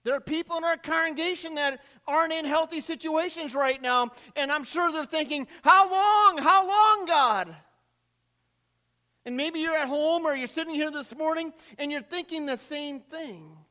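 A man preaching a sermon as pastor, swinging between rising cries and hushed drops, recorded in a church sanctuary. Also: very high voice, fairly even intonation, moderate pace, hardly any pauses, big-room sound.

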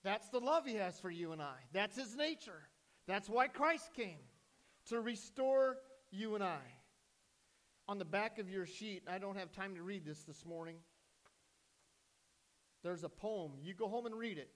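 Male pastor, higher-pitched voice, sermon delivery with quiet drops and loud surges. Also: expressive, a little slow, long pauses. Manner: preaching with sudden loud rises and hushed drops.

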